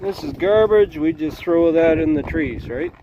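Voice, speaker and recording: A man's voice: a little high, moderate pace, mellow, muffled recording. A man in his forties chatting casually in a trucking vlog, telling rambling jokey stories with fillers and laughs. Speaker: trucker vlogger. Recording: faint outdoor traffic noise.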